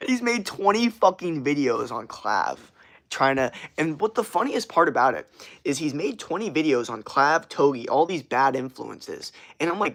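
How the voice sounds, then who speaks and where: A man's voice: on the high side, big pitch swings, unhurried, vocal fry, a bit bright. Rambling, profane young man streamer. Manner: rambling, profane, slangy, laughs often. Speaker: streamer answering chat. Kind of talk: casual livestream chat.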